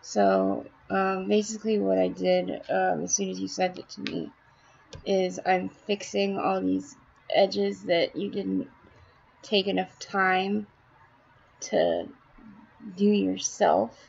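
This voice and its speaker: Gravelly, blunt woman explaining her painting. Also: mid-range voice, slow, darkish tone, muffled recording, a little hiss or hum. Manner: rambling, blunt, swears casually. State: slightly hoarse. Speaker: digital art tutor. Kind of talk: casual screen-recorded art tutorial.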